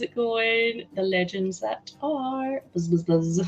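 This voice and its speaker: A woman's voice: a little high, takes it slowly, hardly any pauses, dull audio, soft background music. A woman with a Scottish accent hosting a casual livestream, chatting bubbly with viewers and laughing often. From Scotland. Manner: bubbly, laughs often, greets chat excitedly. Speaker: livestream host. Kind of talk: casual livestream chat while building.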